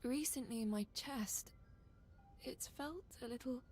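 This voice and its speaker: A withdrawn young woman from a video game, played by an actress, speaking softly and letting her sentences trail away. She talks slowly in a slightly raised pitch, with faint music behind her. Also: close to an everyday voice. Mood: hesitant. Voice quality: soft, hesitant, trailing off. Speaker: game character. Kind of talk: game voice acting.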